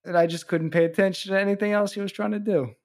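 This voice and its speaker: A man's voice: high voice, steady tone, fast talker. A man co-hosting a podcast, chatting about a movie with wry, joking asides. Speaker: podcast co-host. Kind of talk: casual chat about a movie.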